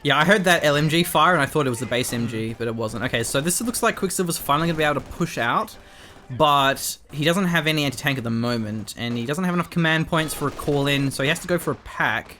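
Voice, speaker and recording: A man casting a strategy video game match, reacting with quick excitement and jokes. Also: fairly high pitch, a little hiss or hum. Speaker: esports caster. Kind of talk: game commentary.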